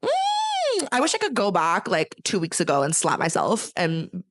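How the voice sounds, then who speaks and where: A woman's voice: medium pitch, huge pitch swings, a little slow, no echo, clean studio sound. A young woman from California chatting casually about books she read, rambling with lots of filler words and dramatic gushing and ranting. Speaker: book reviewer. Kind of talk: casual chat.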